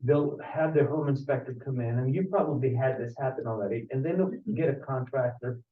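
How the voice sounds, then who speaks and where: A man's voice: medium pitch, fairly quick. Man presenting from across a roomy hall. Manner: storytelling, animated, acts out callers. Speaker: home inspector presenting. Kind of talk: casual presentation to an audience. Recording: roomy, distant, dull audio.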